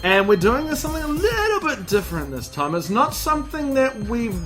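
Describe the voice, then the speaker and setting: A man's voice: very high-pitched, sing-song, a little fast, music in the background. A man hosting a podcast in casual chat, rambling with lots of restarts, buzzing on caffeine. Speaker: podcast host.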